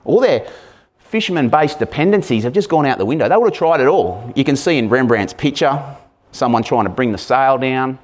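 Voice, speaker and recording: A man preaching a conversational sermon, animated and chatty, often asking the congregation questions. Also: medium pitch, fairly quick.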